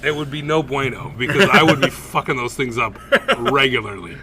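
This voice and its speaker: A man with a mid-range voice talks a little fast over a faint hiss or hum. He's co-hosting a podcast and telling a story in casual chat, swearing a lot and laughing as he goes.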